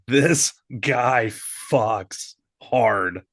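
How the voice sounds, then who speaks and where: A man hosting a podcast in relaxed, casual chat, laughing often. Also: mid-range voice, drawn-out words, no echo, studio quality. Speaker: podcast host.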